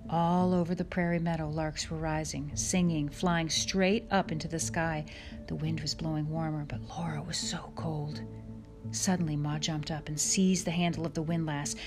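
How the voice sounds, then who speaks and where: Woman narrating an audiobook, low voice. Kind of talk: audiobook reading.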